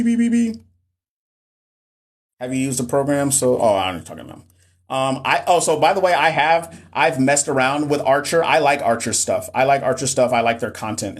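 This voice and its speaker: Chatty Texan man on a phone live stream. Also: medium pitch. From Southern US. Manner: chatty, reads viewer comments, many restarts and fillers. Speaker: live stream host, nursing tutor. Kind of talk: casual live stream chat.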